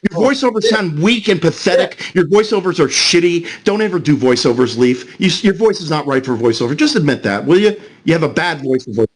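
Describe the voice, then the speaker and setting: A man's voice: a little high, expressive, a little fast, few pauses. A man from New Jersey ranting angrily and profanely at people over voice chat. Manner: angry, profane, berating. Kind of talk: voice chat rant.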